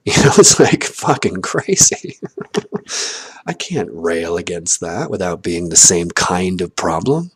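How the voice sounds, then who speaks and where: Low husky man ranting to camera. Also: sing-song, slow, no room sound. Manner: swearing, laughing, swinging between loud and muttered. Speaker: vlogger. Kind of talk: rambling personal monologue.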